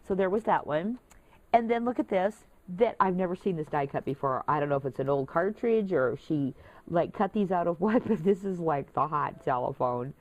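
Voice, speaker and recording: A woman's voice: lowish voice, lively intonation, moderate pace, a little mellow, dry recording. A woman vlogging casually, chatty and gushing as she shows off craft supplies to her viewers. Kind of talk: casual show-and-tell vlog.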